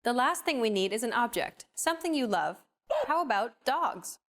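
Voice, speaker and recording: Scripted lesson narrator: a woman, clear and upbeat, a little high-pitched with a lively voice. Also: normal speed.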